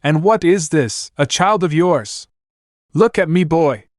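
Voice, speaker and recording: Gruff, mocking older nobleman, raised and loud, read by a man putting on the voice. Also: fairly high pitch, expressive, slow, no echo, clean studio sound, pitched above the performer's own voice. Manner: commanding, blunt, mocking. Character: stern older male noble lord, gruff commander.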